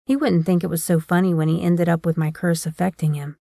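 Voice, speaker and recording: A woman narrating a first-person paranormal romance audiobook in a wry, steady storytelling manner. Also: fairly low pitch, fairly quick, gravelly, no room sound, studio quality.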